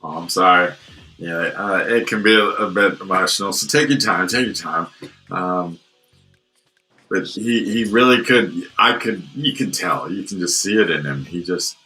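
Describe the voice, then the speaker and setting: Low-voiced guy hosting a podcast, lots of ums and restarts, bright edgy tone. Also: normal speed, soft background music, low-quality recording. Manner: hesitant, many fillers and restarts. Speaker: podcast host. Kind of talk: casual interview chat.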